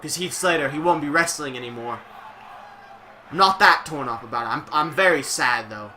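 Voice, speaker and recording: Bright-voiced young man riffing on a stream. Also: on the high side, lively intonation, moderate pace, a little hiss or hum. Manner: joking, profane, rambling. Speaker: streamer and commentator. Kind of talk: casual gameplay commentary.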